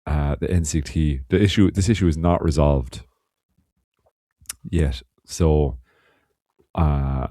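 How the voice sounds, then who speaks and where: Irish male podcast co-host, rambling storyteller, deep dark voice. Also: slow, pauses often, no echo, studio quality. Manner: rambling, swearing, laughs often. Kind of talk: casual chat.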